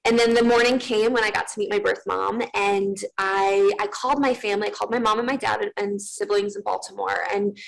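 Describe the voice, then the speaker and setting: A woman's voice: medium pitch, steady tone, a little fast, creaky, few pauses, low-quality recording. A young woman from Russia, a guest in an interview, telling a heartfelt personal story in a candid way full of fillers. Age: young adult.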